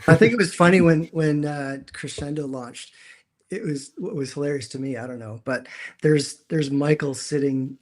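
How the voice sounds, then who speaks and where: A man's voice: on the high side, moderate pace. A man, co-hosting a casual chat from a dim room at home over a video call, rambling and repeating words as he talks. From Canada. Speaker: co-host.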